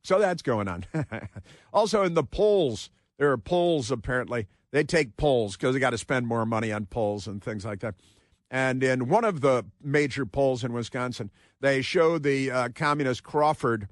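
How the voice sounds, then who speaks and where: A man's voice: mid-range voice, animated, moderate pace, no echo, clean studio sound. A man hosting a talk radio show, monologuing in a mocking, sarcastic way and breaking into put-on voices to mimic others. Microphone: studio mic.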